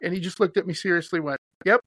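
A man from Wisconsin who hosts a podcast, chatty and animated, telling stories and laughing often. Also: high voice, very fast, dry recording. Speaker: podcast host. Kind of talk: casual podcast chat.

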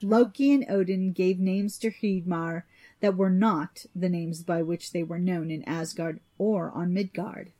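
A woman narrating an old myth in an even, measured storybook reading. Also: fairly low pitch.

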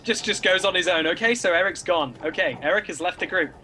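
A man narrating a tabletop game as game master, relaxed and casual with plenty of fillers. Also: sits high, fast, low-quality recording.

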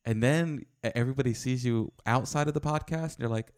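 A man's voice: mid-range voice, quick pace, no room sound, clean studio sound. A man co-hosting a podcast, bantering and teasing his co-host in a stubborn, argumentative way. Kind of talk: casual banter.

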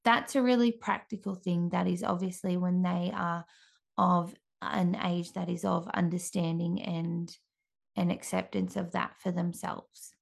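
Woman in her 30s doing a gentle devotional talk, slow, bit of vocal fry, keeps restarting sentences. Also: fairly low pitch, fairly even intonation. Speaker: mother giving a faith talk.

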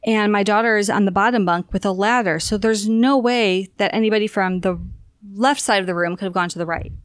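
A woman guest talking casually about her work as a spiritual energy guide, a lively storyteller who acts out the voices of the people in her stories. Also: medium pitch, fairly quick, clean tone, no room sound, studio quality.

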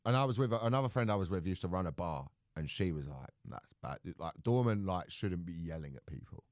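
A young man in casual podcast chat, telling a story with lively acted-out voices and plenty of swearing. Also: low voice, fast, no echo, clean studio sound.

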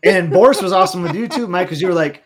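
A man's voice: sits high, fast talker, crowd noise. A man hosting a podcast, chatting casually and gushing enthusiastically about a trip. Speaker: podcast host. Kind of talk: casual chat.

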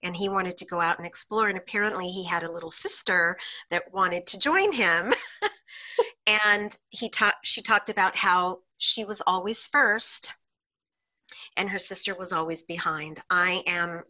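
Bright, animated woman hypnotherapist. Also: medium pitch, measured pace. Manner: animated, laughs often while telling stories. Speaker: hypnotherapist guest. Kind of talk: podcast interview storytelling.

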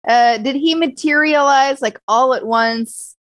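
A woman's voice: sits high, unhurried. A woman at a tabletop game who thinks aloud as she plans her next move. She sounds hesitant and full of small stops as she talks it through. The recording is dry, with no room echo. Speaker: player. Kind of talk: casual tabletop play.

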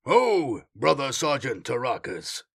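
A man's voice: mid-range voice, very animated, takes it slowly, creaky, exaggerated voice. A man voicing an arrogant, mocking warrior sergeant who talks archly and snarls. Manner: arch, snarling, loud.

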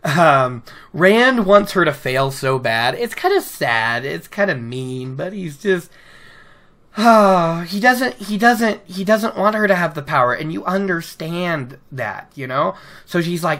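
A woman's voice: on the low side, expressive, measured pace, a bit bright. A woman casually retelling and picking apart a book chapter, chatty, with many stammered restarts. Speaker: book discussion host.

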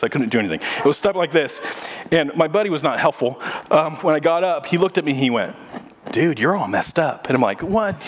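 A young male pastor preaching in a church auditorium, telling stories in a loose, conversational way and acting out the lines of the people in them. His voice sits at an ordinary pitch, and the room adds a long, echoing reverb. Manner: conversational, animated storytelling with acted-out quotes. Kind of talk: sermon with personal story.

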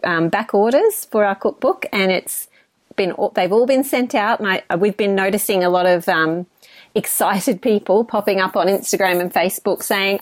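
A woman's voice: mid-range voice, moderate pace, dry recording. A woman with an Australian accent co-hosting a casual podcast, teasing and laughing often. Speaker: podcast co-host. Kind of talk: casual chat.

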